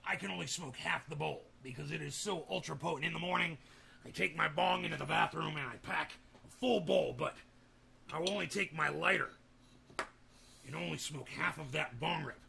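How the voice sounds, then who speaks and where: A man with a somewhat high, bright voice and a gravelly edge rambles through casual livestream talk. He is laid-back, and his speech is peppered with offhand swearing. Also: normal speed, slight background noise. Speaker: livestream host.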